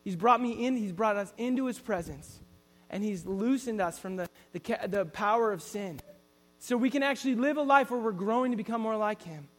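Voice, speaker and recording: A man's voice: high voice, fairly quick, in a large hall. A man preaching a sermon in an earnest storytelling way, often restarting his sentences.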